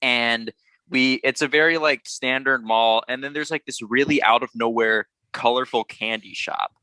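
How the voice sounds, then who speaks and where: A young man chatting casually about a movie, full of fillers and quick laughs. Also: medium pitch, steady tone, bright, forceful tone, no echo, rough recording. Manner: chatty, many fillers, laughs often, slips into cartoon voices. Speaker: podcast co-host.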